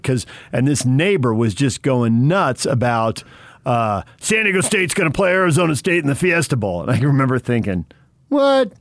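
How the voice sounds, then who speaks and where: A man's voice: mid-range voice, dry recording. A man co-hosting a sports radio show, chatting casually and laughing often with jokey asides.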